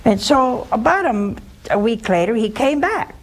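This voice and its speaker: A woman hosting a religious advice show, speaking earnestly and plainly, telling personal stories with folksy asides and slowing down to stress her pleas. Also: on the high side, expressive. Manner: slows down for emphatic pleas. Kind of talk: on-air advice and personal storytelling.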